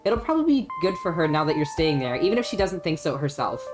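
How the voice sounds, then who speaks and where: A woman's voice: low voice, very animated, quick pace, music in the background. A woman voicing a friendly young woman from a small town, reading the game's dialogue aloud in a chatty, welcoming way.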